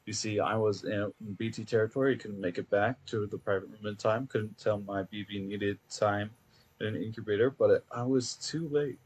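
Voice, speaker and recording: A heartfelt courier from a game, read aloud by a man, rambling and filling his pauses with "uh". The voice is on the lower side. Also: darkish tone, slightly rough, lo-fi sound. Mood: earnest. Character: earnest emotional male courier.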